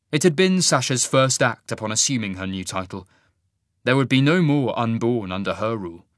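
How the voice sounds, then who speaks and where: A man narrates fantasy fiction in a measured, even reading. His voice sits at a middle pitch. The recording is dry and close, with no room sound. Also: no echo. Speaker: audiobook narrator.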